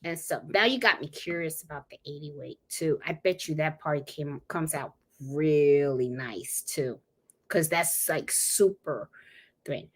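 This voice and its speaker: A woman's voice: sits low, a little slow. A middle-aged woman from Puerto Rico hosting a sewing and embroidery livestream, chatting casually and talking straight to her viewers with plenty of fillers. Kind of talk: casual live-stream chat.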